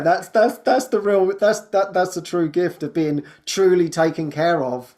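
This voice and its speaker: A man's voice: high-pitched, a little mellow. A man hosting a podcast, telling a spiritual story in casual conversation, restarting his phrases and laughing often. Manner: halting, repeats words and restarts often; laughs often while talking. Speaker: podcast host.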